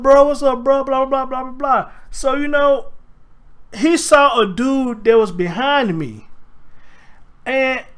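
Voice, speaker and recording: A man's voice: high voice, a bit bright. A man hosting a casual livestream, telling a story with energy and reading viewer comments aloud. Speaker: host.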